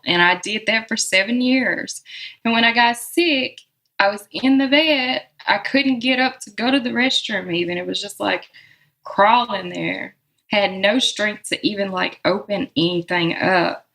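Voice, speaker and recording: Southern American woman, interview guest, slow and reflective delivery, middle pitch. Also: gravelly, a bit bright, poor audio. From Southern United States. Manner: reflective, unhurried, laughs often. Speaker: guest musician. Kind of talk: relaxed interview conversation.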